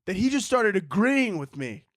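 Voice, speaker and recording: Male podcast host, high and very lively pitch, casual profane storyteller, dry close recording. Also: normal speed, dry recording. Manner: animated, profane, laughs often, acts out both sides of a story.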